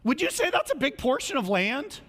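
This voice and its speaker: A male pastor delivers a sermon in a lively, conversational way, acting out the people he quotes. His voice sits high for a man and climbs and drops all over the place. It carries a long hall reverb, like a large church sanctuary. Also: fairly quick. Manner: animated, conversational preaching that acts out quoted voices.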